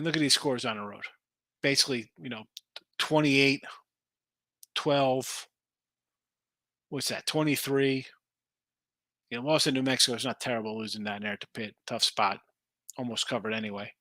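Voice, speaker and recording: A man hosting a sports betting show, chatting casually and thinking aloud over lines and viewer picks with an animated, rambling delivery. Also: medium pitch, no echo. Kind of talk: casual live-stream chat reading viewer picks.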